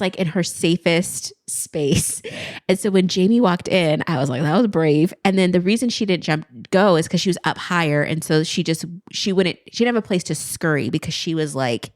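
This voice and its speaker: A woman's voice: fairly low pitch, dry recording, clean studio sound. A woman in her forties, co-hosting a podcast in a casual, amused way, telling her side of the story. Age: 40s. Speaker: podcast co-host. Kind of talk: casual chat.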